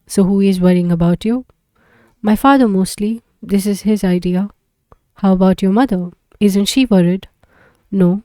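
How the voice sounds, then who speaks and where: A woman reading a novel aloud in a plain, unhurried way, now and then correcting herself. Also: mid-range voice, fairly even intonation, mellow, no room sound. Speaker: audiobook reader.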